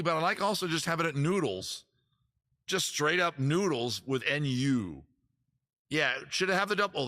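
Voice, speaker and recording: Bright-voiced, joking male stream host. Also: sits high. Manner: playful, jokey, cheerfully crude; reads out and answers chat names. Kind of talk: casual live-stream chat with viewers.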